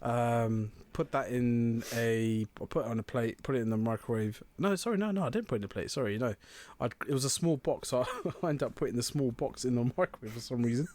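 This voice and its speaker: A young man co-hosting a podcast, telling stories in a lively casual way, swearing and calling his friend "mate". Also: mid-range voice, brisk, few pauses. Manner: animated storyteller, swears, says "mate". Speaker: podcast co-host. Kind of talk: casual chat.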